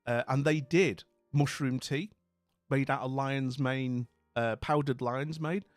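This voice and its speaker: A man's voice: medium pitch, steady tone, takes it slowly, no echo, soft background music. Chatty rambling male streamer. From northern England. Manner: rambling and chatty, full of "you know what I mean". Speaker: live streamer. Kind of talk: casual live-stream chat while gaming.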